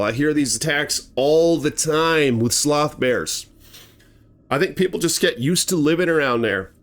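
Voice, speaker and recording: On his horror channel, a man recounts an actual bear attack with flair, performing the events through shouts and sound words. He speaks at a fairly high pitch.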